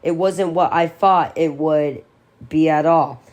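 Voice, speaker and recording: A thoughtful grown man looking back on his boyhood in a quiet, earnest tone, as a woman reads him. The voice stays low and subdued. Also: steady tone, takes it slowly, muffled recording. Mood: reflective. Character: reflective grown man recalling his childhood.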